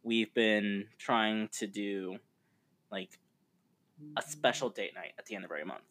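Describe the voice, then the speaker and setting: Casual podcast co-host, man, lowish voice, rambling easygoing delivery. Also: measured pace, a bit bright. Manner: rambling, laid-back, with frequent fillers. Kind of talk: casual chat.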